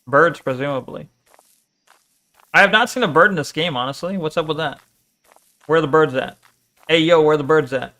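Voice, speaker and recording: A man's voice: on the high side, fairly quick, long pauses, pushed and bright. Joking man streaming a game. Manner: chatty, joking, reads chat aloud, casual swearing. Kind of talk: casual live game commentary.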